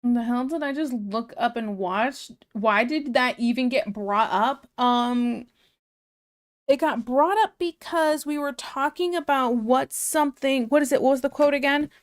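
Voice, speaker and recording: A woman's voice: high-pitched, unhurried. Exasperated woman ranting on a stream. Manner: ranting, exasperated, laughs often. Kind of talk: casual livestream chat, reading comments aloud.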